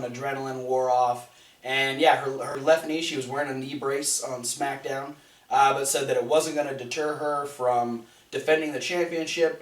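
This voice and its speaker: A man co-hosting a casual podcast, walking through events in a loose, rambling way. He restarts his sentences often and leans on fillers. His voice sounds distant and roomy. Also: mid-range voice. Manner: rambling recap with frequent restarts. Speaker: podcast co-host. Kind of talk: casual wrestling recap chat.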